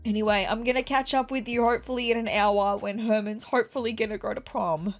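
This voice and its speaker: A woman's voice: on the high side, fairly even intonation, quick pace, soft background music. A woman giving casual, chatty commentary while playing a video game, talking straight to her viewers and wearing her feelings openly. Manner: chatty, addresses viewers directly, emotional, near tears at times.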